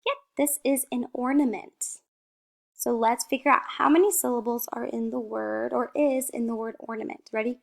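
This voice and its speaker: Woman teacher, slow and patient, fairly high voice, slight gravel, stretches out practice words for small kids. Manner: drawn-out word modelling, questions then answers. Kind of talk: slow, encouraging phonics lesson for young children.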